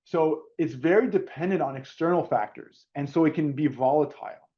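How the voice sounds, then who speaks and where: A man's voice: on the high side, normal speed, muffled recording. A middle-aged man presenting a webinar in an informal, conversational way, often repeating words. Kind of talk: casual webinar talk.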